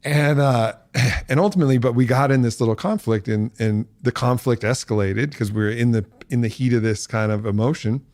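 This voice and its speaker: A man's voice: medium pitch, brisk, darkish tone, no room sound. A man on a podcast as guest, telling stories casually and reflectively, often breaking into laughter. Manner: reflective, uses many fillers. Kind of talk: casual storytelling.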